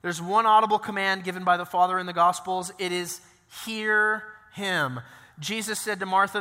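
A male pastor preaching in a high, bright voice, talking through the story like a friendly chat with asides tossed in. His sermon rings out with a long reverb, as in a big church hall. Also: normal speed. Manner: conversational, animated storytelling with asides.

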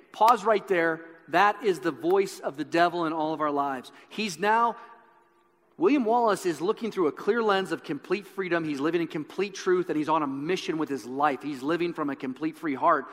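A man's voice: a little high, normal speed, a bit bright. A man preaching a sermon in an earnest storytelling manner. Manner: earnest storytelling, building intensity. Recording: echoey hall with long reverb.

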